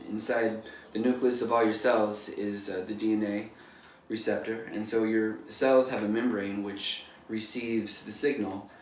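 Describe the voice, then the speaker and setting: A man, a painter, giving a casual motivational talk in a loose, rambling way full of "like" and "you know", recorded from a distance in an echoey room. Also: on the low side. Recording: echoey room, distant mic, faint noise.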